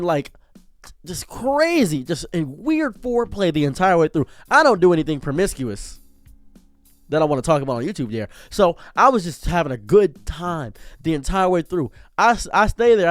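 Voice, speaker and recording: A man telling a long casual story as a commentary streamer, acting out the dialogue, jumping from loud outbursts to low mutters. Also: no echo. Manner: acts out dialogue in his telling.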